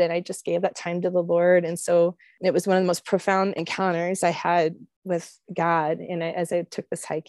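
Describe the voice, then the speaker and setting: A woman's voice: on the low side, no echo. Woman telling a faith story, dry sound. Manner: conversational and expressive, frequent "like" and "you know", laughs at herself. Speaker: speaker sharing a faith testimony. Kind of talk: personal storytelling talk.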